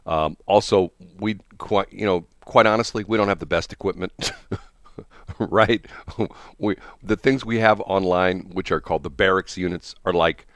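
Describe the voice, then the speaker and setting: An older man hosting a radio morning show, with a very low voice on a close, dry studio mic. He chats in a loose, rambling way, drifts into anecdotes and chuckles between thoughts. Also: moderate pace, a bit bright, dry recording. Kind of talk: casual on-air chat. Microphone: studio broadcast mic.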